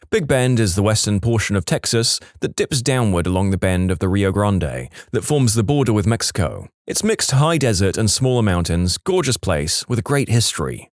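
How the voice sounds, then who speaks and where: Guy reading reddit stories, lively sing-song delivery, dry close mic, dramatic pauses. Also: mid-range voice, dry recording. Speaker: story narrator. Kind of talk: scripted narration of reader stories.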